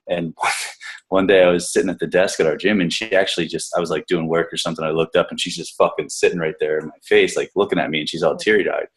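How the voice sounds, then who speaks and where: Low-voiced man rambling about a client. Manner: rambling, profane, many restarts. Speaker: gym coach. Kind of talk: casual podcast discussion.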